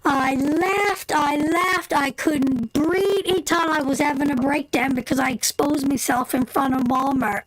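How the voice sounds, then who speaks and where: A woman hosting a live stream, telling a funny anecdote in a colloquial, animated way and laughing often. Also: sits high, a little slow, few pauses, poor audio. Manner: animated storyteller, breaks into laughter; colloquial, drops into "me" for "my". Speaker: tarot live-stream host.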